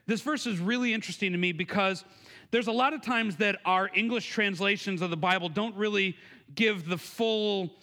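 A man preaching a sermon in an earnest, conversational way, often restarting his words and raising his voice to act out the quotes. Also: bright, forceful tone. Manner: acts out quotes with raised pitch and emphasis. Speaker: pastor.

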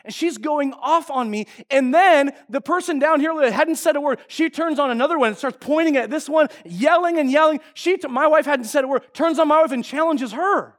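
Male pastor, middle-aged, preaching with lots of jokes and a very high voice. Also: a little fast, hardly any pauses. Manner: animated, joking storyteller. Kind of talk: sermon.

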